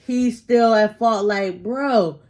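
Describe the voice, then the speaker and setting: An American woman hosting a reaction video, excited, giggly and slangy in casual commentary. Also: on the high side, slow. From United States.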